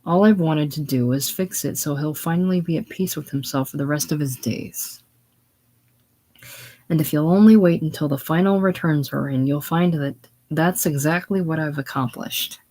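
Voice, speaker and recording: A man's voice: on the high side, moderate pace, darkish tone. A man voicing a persuasive male salesman who coaxes and turns indignant, in a play reading. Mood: coaxing. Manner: coaxing, indignant. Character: smooth-talking male salesman, insistent and coaxing.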